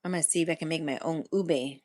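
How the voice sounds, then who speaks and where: A woman's voice: deep voice, fast, a little mellow, no room sound, clean studio sound. A woman hosting a casual live-stream chat for her food channel, rambling and laughing often as she talks straight to her viewers while sipping coffee.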